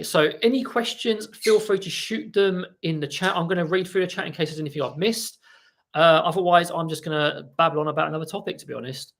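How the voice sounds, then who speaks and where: A man hosting a casual live stream about parrot training, chatty and rambling as he reads viewer comments and talks softly to his birds at home. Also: on the high side.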